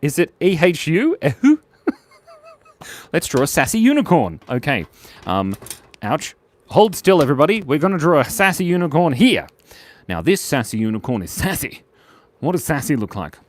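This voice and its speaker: A man's voice: fairly high pitch, sing-song, normal speed. Playful man hosting a kids' drawing stream. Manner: playful, silly and chatty, with giggles and little voices. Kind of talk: casual live drawing commentary.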